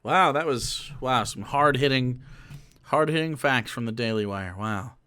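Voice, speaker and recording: A man streaming casual commentary into a microphone, loose and profane, swinging between muttered asides and loud rants. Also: medium pitch, a little slow, clear, resonant tone, soft background music.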